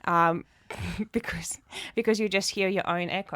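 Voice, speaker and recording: A woman's voice: fairly low pitch, normal speed, hardly any pauses, fairly bright tone, no echo. A woman co-hosting a podcast, chatting casually, joking and then earnestly encouraging listeners. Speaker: podcast co-host. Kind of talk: casual chat.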